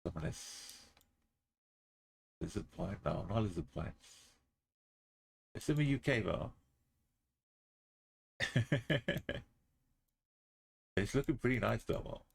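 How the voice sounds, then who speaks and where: Slow, gravelly man thinking aloud. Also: fairly low pitch. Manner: muttering, thinking aloud, humming to himself. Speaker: streamer playing a geography game. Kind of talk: casual gameplay commentary.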